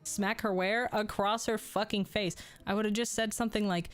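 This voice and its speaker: A woman's voice: mid-range voice, fairly even intonation, moderate pace, few pauses, smooth, soft background music. A young adult woman streamer telling crude jokes and stories in casual chat. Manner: crude, joking storytelling, laughs often.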